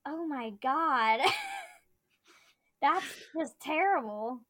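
A woman with a fairly high voice and an unhurried pace co-hosts a casual podcast from her bed at home. She reacts with laughter and disbelief. The sound is dry and close. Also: expressive, fairly bright tone, no room sound. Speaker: podcast co-host.

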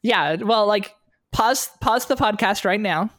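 Casting: young woman, mid-pitched, playful rambling co-host, dry sound. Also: unhurried, a bit bright, no echo. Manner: rambling, playful, many fillers. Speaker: podcast co-host. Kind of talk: casual chat. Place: unfinished basement.

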